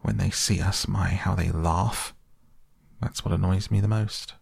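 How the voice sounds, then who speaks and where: A man voicing a grumpy, blunt male mole in a storybook reading, grumbling briskly. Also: sits low, fairly even intonation, vocal fry, a little mellow, slightly rough, dry recording, clean studio sound, heavily acted.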